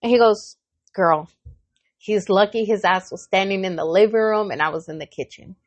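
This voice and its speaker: A woman co-hosting a podcast, chatting casually and bluntly, telling animated stories with voiced quotes and plenty of swearing. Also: mid-range voice, normal speed, no echo. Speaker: podcast co-host. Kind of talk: casual chat.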